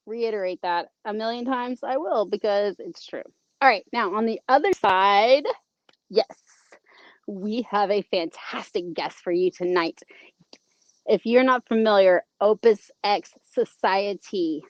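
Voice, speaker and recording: A woman's voice: fairly low pitch, no room sound, dull audio. A woman with a Southern American accent hosting a casual livestream, chatty and bubbly, greeting viewers and reading their comments. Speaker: livestream host.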